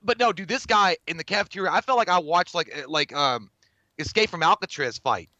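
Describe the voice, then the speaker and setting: A man's voice: a little high, expressive, fairly quick, bright, forceful tone, dry recording. A man co-hosting a casual live stream who rambles, swears and reads viewer comments aloud, with plenty of fillers and false starts. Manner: rambling and profane, lots of fillers and restarts, reads chat aloud. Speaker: podcast co-host.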